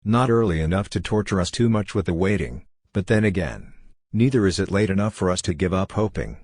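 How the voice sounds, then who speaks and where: A man reading as a calm prisoner. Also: sits low, a little fast, no room sound, clean studio sound. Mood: calm reassurance. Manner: even, reassuring, earnest. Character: calm, steady man imprisoned and awaiting execution.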